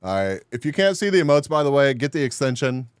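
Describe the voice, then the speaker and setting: Lively joking male streamer. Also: medium pitch, fast, clear, resonant tone, no room sound, studio quality. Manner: crude, joking, laughs often. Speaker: live streamer. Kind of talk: casual live-stream chat with viewers.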